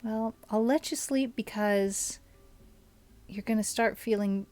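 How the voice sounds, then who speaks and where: Slow-talking woman streamer chatting. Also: medium pitch, a little mellow. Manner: chatty, musing aloud and answering chat. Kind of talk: casual live-stream chat while playing.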